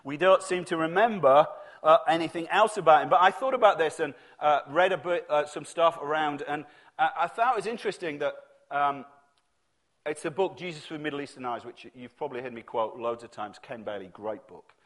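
A man with a slightly raised voice gives a sermon in a relaxed, conversational way. He tells the story as he goes and acts out the voices he quotes. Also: fairly high pitch, fairly quick. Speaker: preacher.

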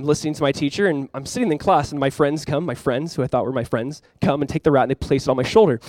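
A man's voice: fairly high pitch, no room sound. A young man preaching a sermon as pastor, telling stories in a casual way and acting out quotes with animation.

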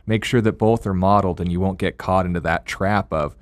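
A man's voice: sits low, brisk, dry recording. A man co-hosting a ministry radio discussion, speaking earnestly and citing scripture references.

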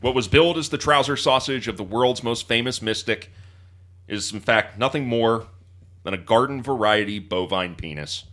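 A young man hosts a history podcast in a mid-range, fairly bright voice at a moderate pace. He trades dry, mock-formal jokes with earnest thanks to his listeners, moving between casual chat and a scripted sign-off.

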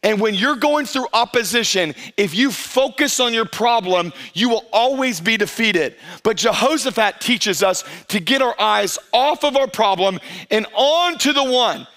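A middle-aged male pastor preaching a conversational sermon, drawing out key phrases slowly for emphasis and acting out the voices of churchgoers. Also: high voice, lively intonation, sharp tone.

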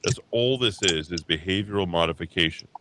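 A man's voice: low voice, fairly quick, background noise. A tired man hosting a talk radio show, ranting bluntly and combatively about politics. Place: radio studio. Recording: steady keyboard typing and clicks behind.

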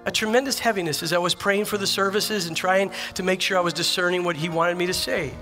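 A man's voice: sits high, steady tone, quick pace, pushed and bright, soft background music. A man preaching a sermon as pastor, telling personal stories in an earnest, emphatic way with repeated phrases. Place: church sanctuary.

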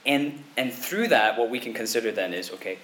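A man preaching a sermon in a conversational way, often checking in with his listeners with a quick "okay?" or "right?". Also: medium pitch, expressive, a bit bright, slight background noise. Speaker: pastor.

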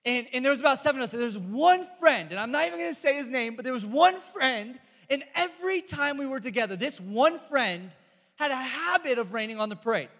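A young man giving a casual youth sermon, chatty and animated, telling stories and reading scripture. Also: very high voice, fairly quick. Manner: animated, chatty, lots of "like" and "bro". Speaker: youth pastor. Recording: echoey hall reverb.

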